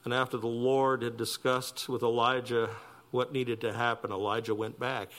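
Man, sermon, animated preaching, loud emphatic peaks, soft quiet drops. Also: medium pitch, normal speed. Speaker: pastor.

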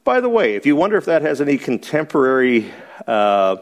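A man's voice: mid-range voice, big pitch swings, brisk. A man teaching a Bible study to a small group in a church, chuckling often and asking rhetorical questions and then answering them.

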